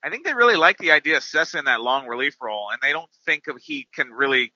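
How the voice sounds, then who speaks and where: Bright-voiced man, guest on a call. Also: on the high side, lively intonation, fast, no echo, highs cut off. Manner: thinking aloud with restarts. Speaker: podcast guest. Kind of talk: casual sports chat.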